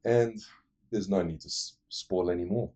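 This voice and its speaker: A man casually retelling movie plots in an animated way, adding vocal sound effects. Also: low-pitched, moderate pace. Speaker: movie reviewer.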